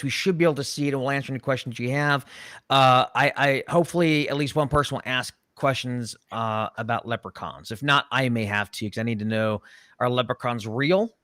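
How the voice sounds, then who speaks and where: A man co-hosting a podcast, talking in a halting, rambling way with lots of filler words and jokey asides. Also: mid-range voice, a bit bright, dry recording, studio quality. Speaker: podcast co-host. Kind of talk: casual chat.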